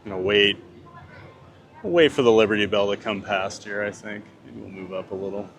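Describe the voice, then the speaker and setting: A man with a fairly low, gravelly voice talks a little fast as a theme park vlogger on a live stream outdoors at the park. He casually reads out viewer comments and answers them, with slight background noise.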